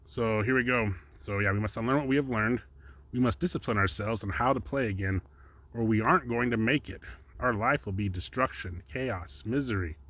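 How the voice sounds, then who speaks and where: A man's voice: lowish voice, brisk, fairly bright tone. A man giving an informal Bible teaching from his slides, chatty and rambling, breaking off often to chuckle. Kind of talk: casual home teaching with slides.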